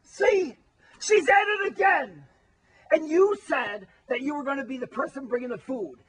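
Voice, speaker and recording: A man playing a whiny, food-obsessed grown man who complains and shouts, with a husky voice, in an amateur comedy spoof. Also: extremely high pitch, very animated, moderate pace, full character voice, poor audio. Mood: shouting, whiny. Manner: whining, complaining, often shouting.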